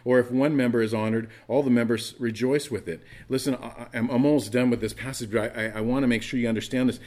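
This pastor talks fast in a medium-pitched voice with fairly even intonation while giving his sermon. His delivery is earnest and chatty, full of restarts, and shifts between forceful emphasis and hushed asides.

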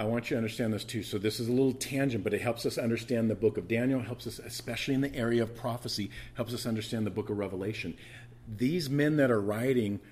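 A fairly low-pitched male pastor delivers his sermon like a conversational lesson, with restarts, asides, repeated phrases for emphasis, and rises into loud, emphatic bursts. A little hiss or hum sits under the recording.

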